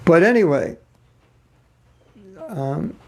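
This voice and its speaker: A man's voice: on the high side, lively intonation, extremely slow, vocal fry, darkish tone. A man giving an informal spiritual class, chuckling as he talks and acting out the voices of people he quotes.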